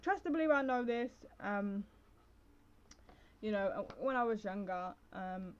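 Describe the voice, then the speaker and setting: Rambling young woman podcaster, lo-fi sound. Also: mid-range voice. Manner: rambling, full of fillers and self-interruptions. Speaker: podcast host. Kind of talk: casual solo podcast talk. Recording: slightly dull lo-fi recording.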